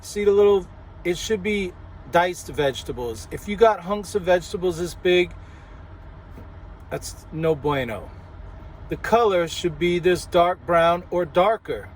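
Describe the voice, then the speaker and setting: A truck driver from New Orleans with a New Orleans accent, chatting casually to camera in a vlog and laughing often. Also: male voice, sits high, expressive, unhurried, slight background noise. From New Orleans, Louisiana.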